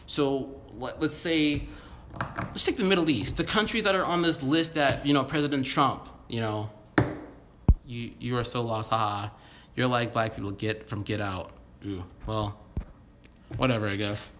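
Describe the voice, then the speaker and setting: A US vlogger with a mid-range, fairly bright voice airs his opinions straight to camera, the audio carrying a faint hiss or hum. He's blunt, rambling, and can't stop swearing in this casual rant.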